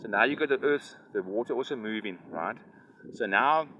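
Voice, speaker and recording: An environmental activist explains nature to a child beside a river, his medium-pitched voice lively in intonation and moderate in pace. The audio is dull and loud wind blows through it as he rambles in a lecturing tone, repeatedly asking "right? you understand?"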